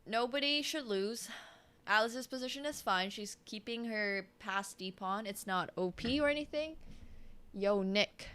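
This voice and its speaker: Bright-voiced young woman streamer. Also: a little high, unhurried, clear, resonant tone. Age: 20s. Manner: chatty, hums and laughs between remarks. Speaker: chess streamer. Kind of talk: casual live-stream commentary.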